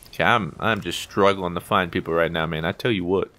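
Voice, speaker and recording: An American man giving casual, excitable commentary over his own gameplay, full of sudden yelps and playful trash talk. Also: sits low, normal speed, a little hiss or hum. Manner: excitable, yelps and exclaims during fights. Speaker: gaming YouTuber.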